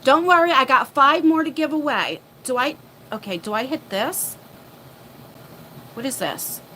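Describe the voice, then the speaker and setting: A woman hosting a casual livestream chat from her phone, flustered and chatty as she thinks out loud. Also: high-pitched, animated, measured pace, slight background noise. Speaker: livestream host. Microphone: phone mic.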